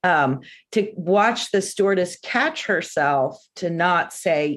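A woman with a notably low, deep voice talks in a casual panel discussion. She tells her story in a chatty, anecdotal way, with plenty of fillers. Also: expressive, unhurried.

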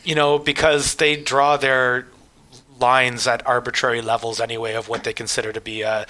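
A man's voice: mid-range voice, flat delivery, moderate pace, pushed and bright. A man co-hosting a casual health news chat, wry and joking, thinking aloud with many fillers. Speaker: show host.

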